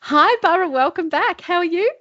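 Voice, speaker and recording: A woman's voice: very high-pitched, expressive, fairly quick, lo-fi sound, loud music behind the voice. A woman hosting a casual chat over a video call, bubbly and laughing often. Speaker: podcast host.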